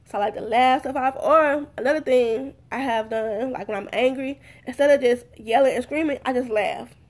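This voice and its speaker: Earnest woman vlogger, slightly high voice. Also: normal speed. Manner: earnest, repetitive, addresses viewers as "you guys"; acts out heated and calm exchanges. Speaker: vlogger giving advice. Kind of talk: casual talk to camera.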